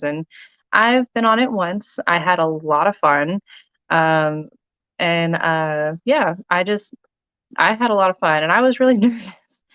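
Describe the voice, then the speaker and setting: A woman's voice: lowish voice, a bit bright, dry recording, lo-fi sound. A woman selling jewelry on a casual livestream, chatting with viewers by name with lots of ums. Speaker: live-sale jewelry seller.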